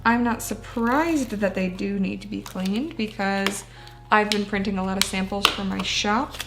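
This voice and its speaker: A woman's voice: medium pitch, fairly even intonation, moderate pace, music in the background. A woman chatting casually while she decorates a journal page, self-deprecating and laughing often. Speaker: booktuber. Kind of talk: casual chat while crafting.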